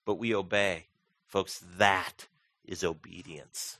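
A man preaching a sermon as pastor, animated and humorous, acting out quoted voices. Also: medium pitch, measured pace, dry recording.

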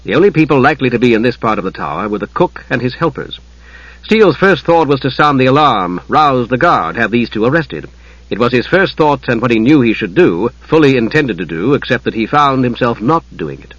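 A man narrating a fantasy novel as an audiobook in a measured, dramatic storytelling manner. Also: mid-range voice, sing-song, a bit bright, breathy edge, no room sound, muffled recording.

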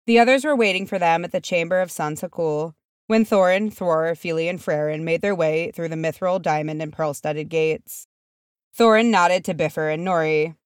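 A woman reading a fan fiction chapter aloud as narrator, measured and steady. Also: on the low side, smooth, dry recording, clean studio sound. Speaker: audiobook reader.

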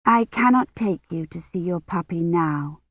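A woman voicing a firm, caring young woman who speaks sternly and gently. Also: a little high, normal speed, dry recording, voice pushed up, natural voice. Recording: tinny phone-like line.

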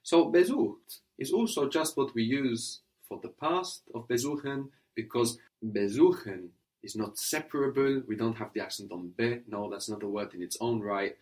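A man's voice: mid-range voice, moderate pace, few pauses, darkish tone. Patient man teaching a spoken language lesson. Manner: patient, repeats answers and explains grammar step by step.

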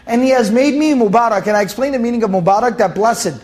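A man with a notably high-pitched voice gives a Quran commentary lesson. He stresses his points by repeating key phrases. He breaks into a chanted recitation when quoting Arabic verses. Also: fast, darkish tone. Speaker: Quran teacher.

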